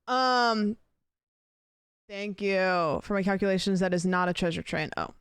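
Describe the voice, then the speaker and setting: Smooth-voiced young woman streamer, dry close sound. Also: medium pitch, a little slow, no room sound. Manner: rambling, chatty, thanks donors between stories. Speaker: livestreamer. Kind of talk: casual stream chat. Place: at her desk.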